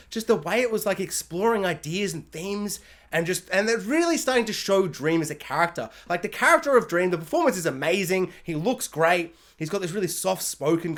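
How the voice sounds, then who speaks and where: A man ranting casually in a show review, excitable and rambling with lots of fillers. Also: on the high side.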